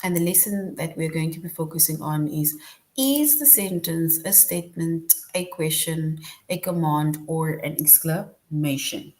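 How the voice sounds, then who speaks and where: Patient woman teaching grammar, low voice. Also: a little slow, a little mellow. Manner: explains patiently, often checks with "right?". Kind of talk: online grammar lesson.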